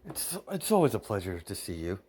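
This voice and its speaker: A man voicing a warm, teasing middle-aged mother who gushes fondly and stumbles over fillers. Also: deep voice, sing-song, a little fast. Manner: fond, gushing, filler-heavy.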